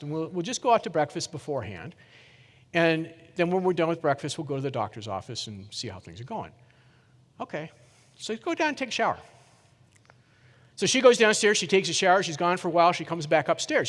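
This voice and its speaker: A middle-aged man giving a keynote talk, telling a story in a lively way and putting questions to the audience. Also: a little high. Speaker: keynote speaker. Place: conference hall. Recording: reverberant conference hall.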